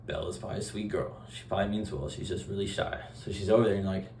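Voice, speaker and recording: Low-voiced young man rambling offhandedly. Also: fast talker, darkish tone, a little hiss or hum. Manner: acts out short dialogue exchanges. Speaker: vlogger. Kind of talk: casual vlog monologue.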